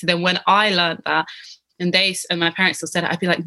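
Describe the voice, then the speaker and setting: A young British woman with a gentle, lower-pitched voice talks through her thoughts as the guest in a relaxed conversation. She circles back on herself often, with fillers and restarts as she works out what she means. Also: fast talker. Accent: British English. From England. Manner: hesitant, many restarts and fillers. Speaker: interviewee. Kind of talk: casual reflective chat.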